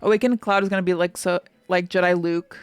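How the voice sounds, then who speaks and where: An excitable woman streamer chats casually while reacting to a game, her talk full of "like" fillers as she gushes. Her voice sounds close and dry. Faint game music plays behind her. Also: on the low side, a little fast, clean tone, no echo. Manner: excitable, gushing, heavy on "like" fillers.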